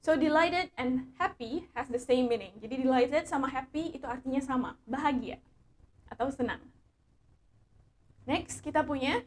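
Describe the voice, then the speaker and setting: Woman English teacher, Indonesian accent, high voice, slow careful drilling of phrases. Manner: switches between slow, careful English and quick Indonesian explanation. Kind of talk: bilingual English lesson.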